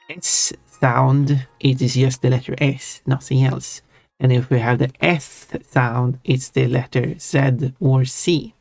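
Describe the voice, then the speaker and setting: In a casual live-stream chat, this Swedish-accented speaker talks things through out loud, restarting and rephrasing as they go. Their pitch is ordinary and mid-range, and the close, dry recording has no room echo, just faint music in the background.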